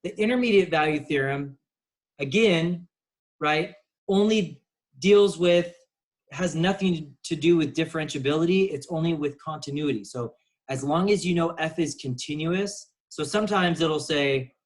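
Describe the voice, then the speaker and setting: A man's voice: fairly high pitch, moderate pace, rough recording. Casual male math teacher. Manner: casual, explanatory, with many fillers. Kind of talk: recorded lesson.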